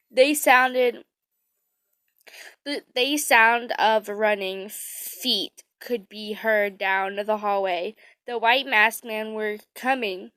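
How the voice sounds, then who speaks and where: A woman reads fan fiction aloud in a high voice, then breaks off to react in a halting, gushing way. Her pace is slow and unhurried. The recording is dry, with no room echo. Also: fairly bright tone. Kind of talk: reading a story aloud and reacting.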